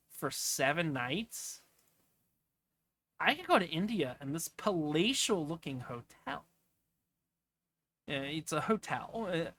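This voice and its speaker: During a casual screen share, a man clicks through travel listings and offers off-the-cuff commentary, rambling with asides. His voice is on the high side with a sharp tone.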